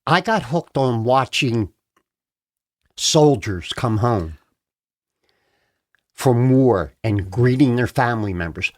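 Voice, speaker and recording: A man from Philadelphia talks slowly and deliberately as a podcast guest. He is earnest and heartfelt, and he leans hard on his main points. His voice sits at an ordinary middle pitch. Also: lively intonation. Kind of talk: casual interview chat. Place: podcast studio.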